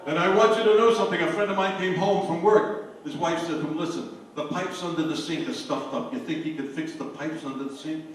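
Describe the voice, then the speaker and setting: An older man telling jokes to a party crowd, a lively storyteller who hollers his punchlines. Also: fairly high pitch, fairly quick. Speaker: joke teller at a party. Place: anniversary party. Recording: echoey room, voice from far off, faint noise.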